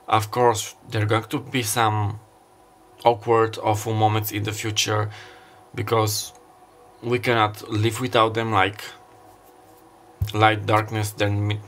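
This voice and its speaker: Low-voiced man giving a rambling tarot reading. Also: a bit bright. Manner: meandering, thinking aloud with fillers. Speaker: tarot reader. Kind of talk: casual intuitive tarot reading.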